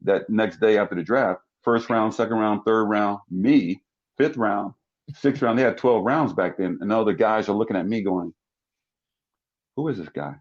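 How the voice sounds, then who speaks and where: A man in his sixties from South Jersey, a talk show guest telling animated stories and acting out the people in them. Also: moderate pace, lo-fi sound. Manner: acts out quoted people with big pitch jumps. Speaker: talk show guest, former football player. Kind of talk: animated storytelling.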